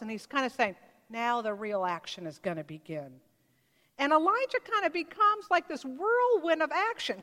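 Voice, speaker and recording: A woman preaching a sermon, retelling a scripture story with animated storytelling and acted-out voices. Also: high voice. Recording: long reverb of a large hall.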